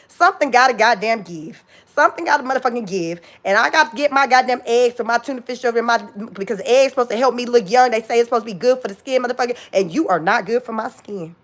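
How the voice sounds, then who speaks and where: A woman's voice: on the high side, animated, fairly quick. A woman in her forties hosting a casual livestream, blunt and profane, often breaking into laughter. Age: 40s. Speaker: livestream host.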